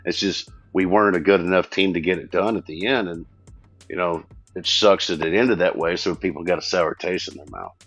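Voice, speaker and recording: Deep-voiced blunt sports podcast guest. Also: male voice, a bit bright, dry recording, faint music behind. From Texas. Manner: blunt, joking, drawn-out complaints. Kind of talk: casual sports chat.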